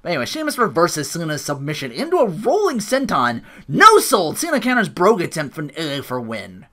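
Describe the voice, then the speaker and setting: A podcast host giving a solo recap with profane, ranting commentary, quick asides and laughs at their own jokes. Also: mid-range voice, wildly swooping pitch, bright, forceful tone.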